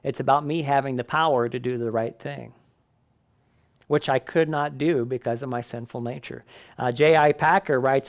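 A man's voice: medium pitch, fairly even intonation, normal speed. A man teaching a Bible class in a conversational way, often checking in with the listeners.

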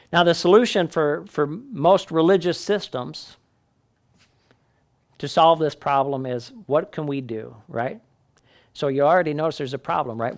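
A man teaching a Bible class in a conversational way, often checking in with the listeners. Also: a little high.

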